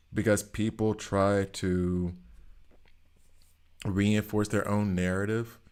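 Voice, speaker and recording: A man's voice: lowish voice, a little mellow. A middle-aged man streaming a game, rambling through opinions and laughing often in casual chat. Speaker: gaming streamer.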